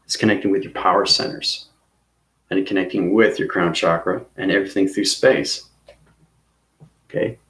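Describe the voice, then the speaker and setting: Rambling low-voiced man in echoey room. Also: a bit bright. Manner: rambling, repetitive, checks in with "okay?" and "right?". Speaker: spiritual teacher. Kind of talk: casual instructional monologue.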